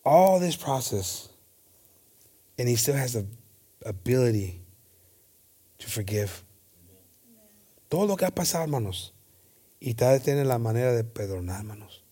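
A man's voice: mid-range voice, big pitch swings, moderate pace, long pauses, warm tone, husky. A man preaching a bilingual sermon, reading scripture and often stammering and restarting as he calls his listeners "hermanos". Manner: switches between English and Spanish, repeats "hermanos".

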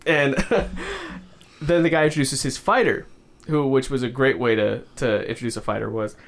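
A man's voice: medium pitch, lively intonation, moderate pace. A man hosting a casual movie review chat, retelling scenes with lots of acted-out voices and laughter. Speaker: podcast host.

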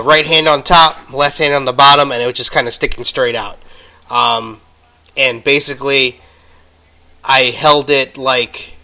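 Host, man, unhurried, bright tone, coughing as he recovers from illness, halting speech full of ums. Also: mid-range voice. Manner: halting, with many ums and restarts. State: coughing, getting over an illness. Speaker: podcast host. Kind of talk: casual solo storytelling.

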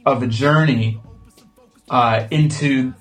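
An American man being interviewed as a musician, talking thoughtfully and hesitantly with many pauses. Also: mid-range voice, a bit bright, faint music behind. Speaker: guest musician. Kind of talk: casual interview chat.

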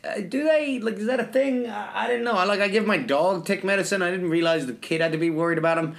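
A man's voice: sits high, fast, creaky, fairly bright tone. Laid-back man telling stories, swearing freely. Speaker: podcast co-host. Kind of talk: casual chat.

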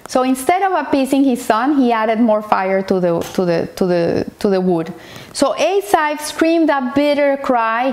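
High-pitched woman telling a torah story, earnest, keeps restarting sentences. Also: unhurried, a little mellow. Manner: earnest retelling, frequent restarts, Hebrew terms mixed in. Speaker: Torah teacher. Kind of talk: explaining a Torah portion as a story.

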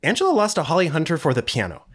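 This is a man co-hosting a podcast who talks fast with a lively, swinging pitch. He is opinionated and emphatic and swears freely to drive his points home. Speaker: podcast co-host. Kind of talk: casual chat.

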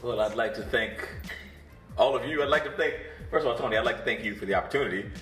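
Male comedian guest, quick and animated, mic set back in an echoey room. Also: mid-range voice, distant mic, music in the background. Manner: jokey, animated, laughs along. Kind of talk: casual podcast chat.

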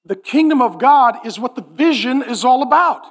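A man's voice: very high-pitched, moderate pace. A man in his forties preaching a sermon in church, joking and acting out little voices. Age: 40s. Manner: animated, joking, acts out voices in quotes. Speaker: pastor.

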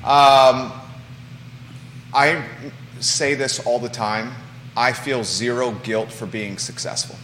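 A man's voice: medium pitch, slow pace, pauses often, a little hiss or hum. Emphatic man talk-show host, echoey room. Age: 40s. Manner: emphatic, animated storyteller. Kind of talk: casual talk show chat. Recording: echoey room with long reverb.

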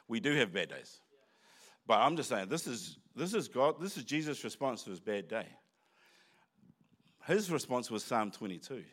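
A man's voice: on the low side, fairly bright tone. A man preaching a sermon in church, talking conversationally with asides and restarts. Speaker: pastor.

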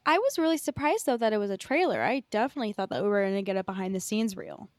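A woman's voice: medium pitch, animated, very fast, no echo, studio quality. A woman co-hosting a podcast, recapping news in casual chat with many fillers. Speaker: podcast co-host.

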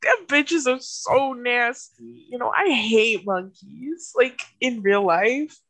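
A woman's voice: a little high, slow, a bit bright, dry recording. A young woman from Canada co-hosting a podcast, chatting casually and giggling through her banter in a studio. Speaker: podcast co-host. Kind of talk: casual chat.

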